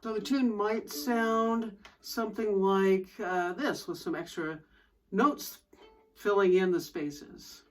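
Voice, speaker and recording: A woman's voice: mid-range voice, steady tone, slow. A woman fiddle teacher explaining bowing techniques step by step in an instructional lesson, with fiddle playing between her explanations.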